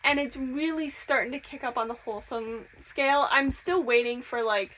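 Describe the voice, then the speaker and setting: A young woman from Michigan chatting casually in a reading vlog, gushing and excitable. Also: high-pitched, moderate pace, a little hiss or hum. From Michigan, USA. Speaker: book vlogger. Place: camper.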